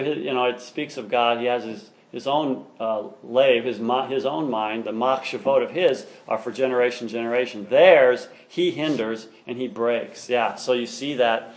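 Enthusiastic male teacher lecturing a class. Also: medium pitch. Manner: enthusiastic, explanatory, reads passages aloud.

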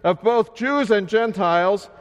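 Slow-preaching man in a reverberant hall. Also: high voice. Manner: slow, measured preaching that swells loud and sinks soft. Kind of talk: sermon.

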